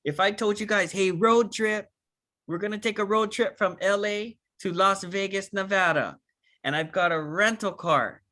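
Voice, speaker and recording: A man giving an energetic, animated training talk on a video call, acting out short dialogues with big jumps in pitch. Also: normal speed. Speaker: network marketing trainer.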